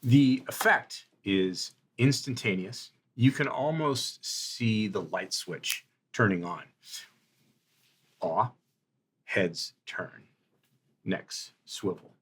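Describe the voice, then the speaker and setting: A man running a tabletop role-playing game as game master, setting scenes in measured descriptive narration. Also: lowish voice, a bit bright, breathy edge.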